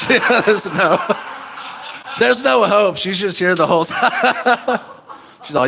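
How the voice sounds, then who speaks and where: A man doing a stand-up set with rapid, wry crowd work. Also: high voice, expressive, creaky, pushed and bright. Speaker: stand-up comedian.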